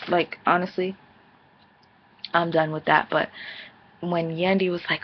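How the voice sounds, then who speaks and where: A woman casually recapping a reality TV episode, blunt, sassy and profane, slipping into quick impressions of the cast. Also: on the low side, dull audio, slight background noise. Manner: blunt, sassy, profane, mimics cast members in animated bursts. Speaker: TV episode reviewer.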